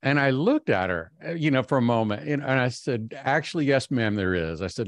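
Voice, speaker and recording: A man in his fifties giving a humorous keynote talk, telling a story in an animated, self-mocking way with frequent ums and restarts. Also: medium pitch, fairly quick, hardly any pauses, no echo. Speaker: keynote speaker.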